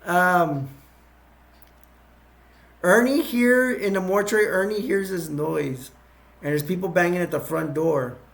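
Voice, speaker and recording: A man with a raspy, fry-laden voice sitting a bit above the usual male pitch. He retells a film's plot in a casual, meandering way, full of fillers and restarts. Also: fairly bright tone. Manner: rambling, halting, with many restarts and fillers. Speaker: movie reviewer.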